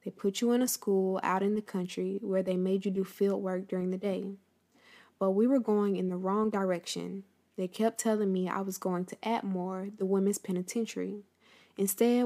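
Woman, steady monotone delivery, mellow tone, reads aloud to listeners. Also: mid-range voice, normal speed. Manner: addresses listeners directly, conversational. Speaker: host telling a history story. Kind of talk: casual talk, then reading a book passage aloud.

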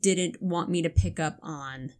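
Rambling Connecticut woman, low voice. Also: a little slow, a little mellow. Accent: Connecticut, American. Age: 20s. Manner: rambling, many likes and restarts. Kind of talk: casual chat.

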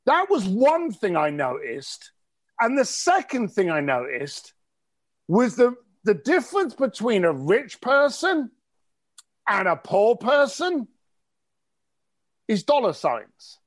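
A man from East tells stories bluntly and cheekily, swearing freely. His voice sits high, and his pitch leaps around with animated energy. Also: slow, long pauses. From East London. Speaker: interview guest. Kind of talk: casual storytelling interview.

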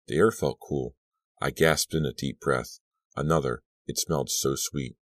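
A man narrating an audiobook in a measured, dramatic first-person reading. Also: rumbling low, fairly even intonation, dry recording. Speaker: audiobook reader.

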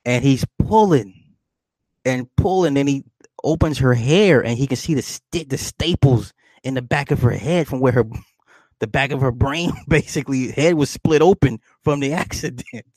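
A man's voice: medium pitch, moderate pace, no echo. Casual man animatedly recapping a movie. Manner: animated storytelling, laughs often, acts out characters; swears casually, addresses listener with "right?".

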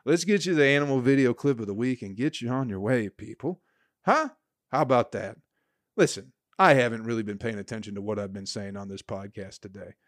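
A man's voice: medium pitch, a little fast, no echo, clean studio sound. A man around forty, hosting a solo comedy podcast and rambling crudely with profane, sarcastic asides. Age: 40s.

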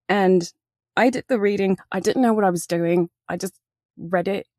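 A woman's voice: mid-range voice, moderate pace, dry recording. Chatty British woman, dry close sound. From Britain. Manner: chatty and animated, laughs often. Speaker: voice actor and audiobook narrator. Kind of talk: casual interview chat.

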